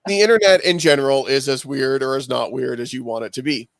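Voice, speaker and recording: A man's voice: mid-range voice, fast talker, gravelly, no room sound. A man co-hosting a podcast, talking in a loose, rambling, chatty way. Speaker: podcast co-host. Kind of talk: casual chat.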